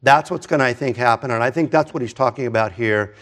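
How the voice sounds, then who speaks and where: A pastor in his fifties preaching a conversational sermon, animated and full of restarts and asides. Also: medium pitch, fast talker.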